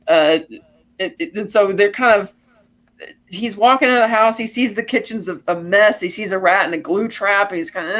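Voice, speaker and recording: A man's voice: sits high, moderate pace, a bit bright, lo-fi sound. A man co-hosting a podcast, animatedly retelling a movie scene and acting out the characters' lines. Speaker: podcast co-host. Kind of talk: casual film recap.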